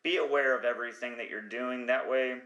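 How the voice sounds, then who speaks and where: A man's voice: mid-range voice, steady tone, brisk, bright, forceful tone, echoey room, dull audio. A man hosting a podcast, talking in a rambling, profane comedic monologue who sometimes loses his train of thought. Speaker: podcast host.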